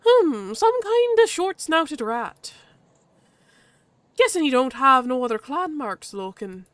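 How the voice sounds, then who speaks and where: A woman voicing a perky, cheeky female weasel clanswoman with a put-on, vaguely Irish accent and a raised pitch. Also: big pitch swings, slow, a bit bright, dry recording, heavily acted.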